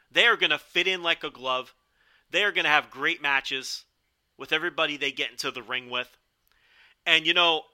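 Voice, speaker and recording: A man's voice: a little high, pushed and bright, clean tone. A man reviewing a wrestling show in a casual, rambling podcast style, swearing now and then.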